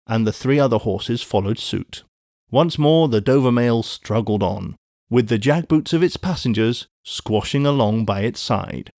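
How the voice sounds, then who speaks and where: An audiobook narrator, a man, reads a classic novel aloud in measured, scripted storytelling narration. His voice is mid-range with a darkish tone, captured in a dry, studio-quality recording.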